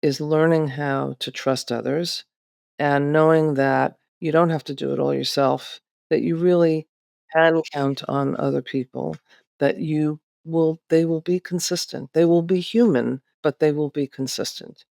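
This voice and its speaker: A woman co-hosting a podcast, explaining things in a calm, reflective, therapeutic way. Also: deep voice, unhurried, creaky, no room sound, studio quality. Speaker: podcast co-host.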